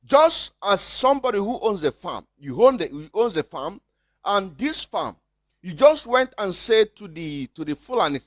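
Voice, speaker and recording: A man's voice: high voice, very animated, moderate pace, roomy sound, lo-fi sound. A man giving emphatic live-stream commentary, repeating phrases and firing rhetorical questions. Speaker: political commentator.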